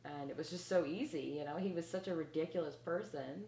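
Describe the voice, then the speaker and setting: A woman's voice: deep voice, brisk, dark tone, reverberant. A woman in a casual interview, blunt and profane.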